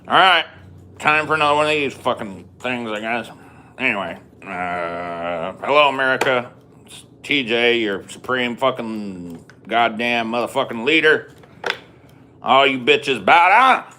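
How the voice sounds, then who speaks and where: A man's voice: medium pitch, animated, unhurried, bright, forceful tone, a little hiss or hum, voice pushed up. A man voicing a crude, bellowing male president who rants at his critics and barks profane orders. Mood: brash. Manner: profane, ranting, barking orders.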